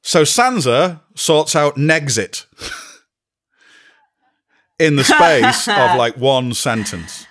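A man's voice: a little high, sing-song, extremely slow, pauses often, a bit bright. Exasperated sarcastic man. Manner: exasperated, mocking, acts out characters' lines. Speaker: podcast co-host. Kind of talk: casual chat, sarcastic recap.

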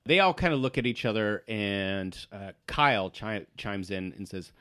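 A man's voice: lowish voice, moderate pace. Easygoing male game master narrating. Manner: relaxed narration with fillers, voicing characters.

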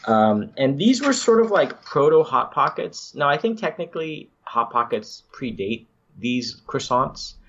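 A man's voice: medium pitch, sing-song, a little slow, hardly any pauses, fairly bright tone, dull audio. A man hosting a podcast, chatting casually and enthusiastically with some rambling restarts. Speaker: podcast host.

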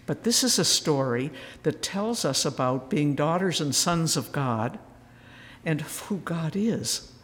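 Gentle man telling stories in a hall. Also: a little high. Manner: gentle storytelling, soft asides. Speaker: retreat speaker. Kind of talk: reflective spiritual retreat talk. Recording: roomy hall with faint noise.

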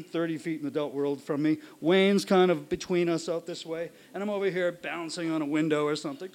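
Brief: high-pitched male storyteller, lively live delivery with acted-out yelps and voices. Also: brisk, hardly any pauses. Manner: animated, acts out shouts and voices.

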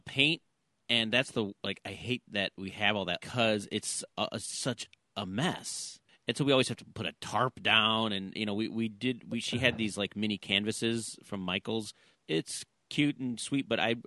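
A man's voice: lowish voice, moderate pace, sharp tone, no echo, clean studio sound. A man co-hosting a podcast, chatting in an easygoing way about parenting. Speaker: podcast co-host. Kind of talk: casual chat.

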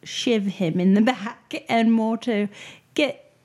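Slow-speaking woman player, measured. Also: on the high side, a little mellow. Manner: measured, slightly formal phrasing. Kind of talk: casual tabletop chat.

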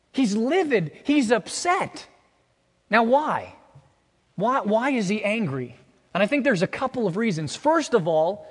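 Man preaching in a church, pretty high voice, lots of hall reverb, asks the crowd questions. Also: fairly bright tone. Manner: expository preaching with rhetorical questions and scripture reading. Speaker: pastor. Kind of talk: sermon.

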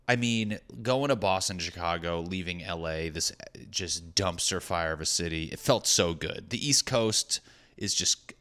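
Low-voiced rambling comedian. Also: male voice, unhurried, fairly bright tone. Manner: rambling, profane, jokey. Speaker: stand-up comedian. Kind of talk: casual comedic monologue.

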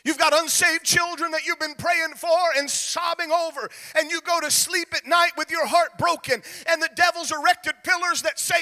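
A male pastor preaching a sermon, rising into shouted, sing-song cadences. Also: very high voice, fairly even intonation, normal speed, hardly any pauses, long reverb tail.

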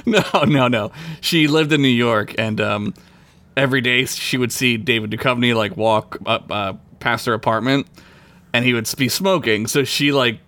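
A man's voice: mid-range voice, fairly bright tone. A man co-hosting a podcast who riffs on jokes in casual, profane chat and laughs often. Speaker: podcast co-host. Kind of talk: casual comedic recap chat.

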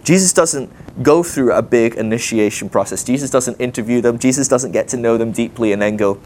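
A man preaching to a live group in a conversational sermon, animated and chatty, with frequent asides and rhetorical questions. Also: medium pitch, fairly quick, few pauses, a little hiss or hum. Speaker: guest preacher. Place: teaching session before a live group.

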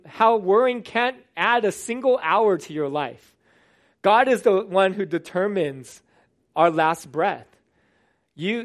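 A man preaching a sermon in an earnest, conversational way, with some restarts as he explains a passage. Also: high-pitched. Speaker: pastor.

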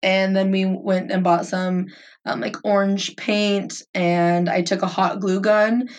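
A woman's voice: mid-range voice, flat delivery, slow, a little mellow, distant mic. A young woman chatting casually as a co-host, wandering through her story with plenty of "um"s and "like"s and easy giggles. Her voice sits a little back from the mic. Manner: rambling, giggly, lots of fillers. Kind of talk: casual chat.

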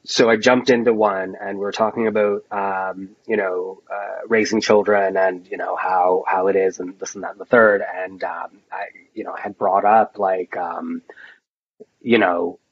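A man with a somewhat low, breathy, husky voice talks in a loose, casual way. He rambles through long stories, piles up fillers and acts out what others said. The sound is dull and lo-fi. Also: flat delivery, normal speed, dry recording. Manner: rambling storyteller, many fillers and quoted dialogue. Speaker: podcast guest. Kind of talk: casual chat.

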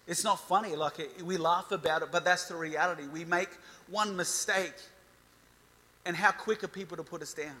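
A man's voice: high voice, steady tone, normal speed, pushed and bright. A man in his thirties preaching a youth sermon, declaring and building emphasis as he reads scripture. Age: 30s. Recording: reverberant hall.

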